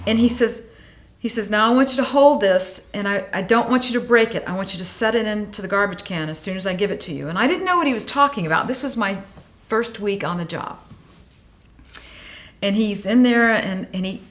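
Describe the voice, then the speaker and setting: A woman in her late forties, a guest on an interview show, telling a story with lots of feeling, her voice rising and dropping with the tale. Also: mid-range voice. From United States. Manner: animated, vivid storyteller, voice rising and falling with the tale. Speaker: guest, animal welfare advocate.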